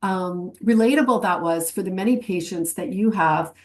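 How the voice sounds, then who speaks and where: A woman's voice: on the low side, moderate pace. Woman presenting a teaching webinar. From Canada. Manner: warm, reflective teaching with quoted client examples. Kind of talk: educational webinar lecture.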